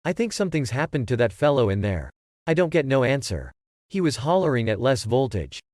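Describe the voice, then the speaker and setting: A man's voice: mid-range voice, sing-song, fairly quick, a little mellow, no room sound, clean studio sound, close to an everyday voice. A man reading the lines of an anxious male test subject who hesitates and pleads in a plain, folksy way. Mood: uneasy, pleading.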